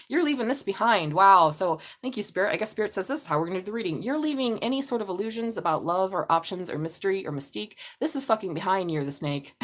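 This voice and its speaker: A woman in her forties giving a live-streamed tarot reading, talking excitably, swearing freely and often breaking into laughter. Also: on the low side, quick pace. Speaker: tarot reader.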